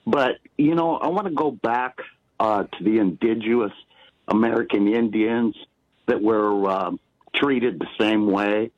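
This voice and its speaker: A man phoning in to a talk show, his voice low and set on a dull, dry line. He speaks haltingly, filling his pauses with ums as he tells his story. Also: no echo. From Washington State, US. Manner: hesitant, many ums and uhs. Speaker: caller. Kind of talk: calling in to a radio show. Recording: dry, muffled phone line.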